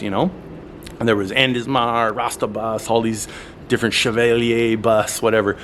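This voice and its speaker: A man from Alberta, Canada, recounting his travel mishaps to camera in a rambling, animated vlog, with lots of fillers and an exasperated curse now and then. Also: medium pitch, slight background noise. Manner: swears in exasperation. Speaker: travel vlogger. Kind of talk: casual storytelling to camera.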